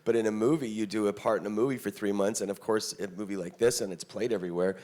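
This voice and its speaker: A man's voice: lowish voice, steady tone, quick pace, darkish tone. A man, an actor, chatting casually on a convention panel stage and retelling conversations with fans, full of "you know"s. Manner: chatty, quoting exchanges, many "you know"s.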